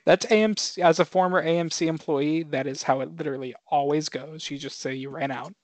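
A young man with a voice on the high side speaks briskly in a steady tone as a podcast co-host. In this casual chat he's laid-back and filler-heavy, steering the talk by asking his guests questions.

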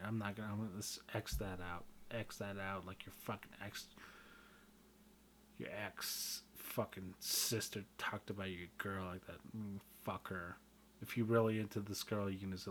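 A man talking casually on his own, joking and swearing a lot, often getting loud and worked up. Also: lowish voice, slight background noise. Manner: profane, joking, self-deprecating, swings loud and excited. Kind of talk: casual rambling monologue.

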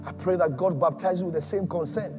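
A man preaching a sermon with impassioned, repetitive phrasing that swings between loud cries and near-whispers. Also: high voice, quick pace, over music.

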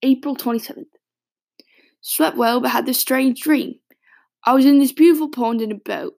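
A woman acts out a raspy, gravelly British man, a longtime smoker, in an audio drama monologue. His voice sits fairly high and has a rough fry, and he talks in hesitant, rambling stops and restarts. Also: moderate pace, a little mellow. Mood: reading aloud. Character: raspy adult male smoker reading his childhood diary.

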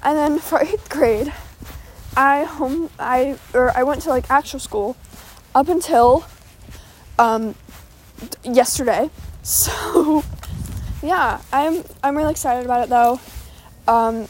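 A woman's voice: sits high, a little hiss or hum. A teenage girl rambling casually in a vlog while walking her dog outdoors, chatty and easily distracted, talking into her phone. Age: teens. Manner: chatty, distracted, quick asides and fillers. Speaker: vlogger. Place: outdoors on a walk.

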